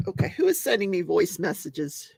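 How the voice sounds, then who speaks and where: A woman in her forties hosts a live crafting stream, chatting casually, laughing often, and reading viewer comments aloud. Her voice sits on the low side, sing-song and gravelly, with a darkish, husky tone at a moderate pace and no room sound.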